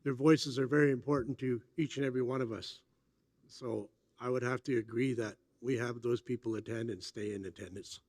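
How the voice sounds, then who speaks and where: A man's voice: medium pitch, steady tone, brisk, a little mellow, no echo. A man speaking from the floor of an assembly in an earnest, emphatic way. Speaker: assembly delegate.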